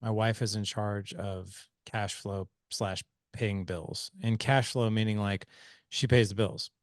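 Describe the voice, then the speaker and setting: A man in his forties hosting a podcast interview, telling stories in an emphatic, animated way. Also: on the low side, slow pace, no room sound, studio quality. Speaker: podcast host. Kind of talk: conversational interview.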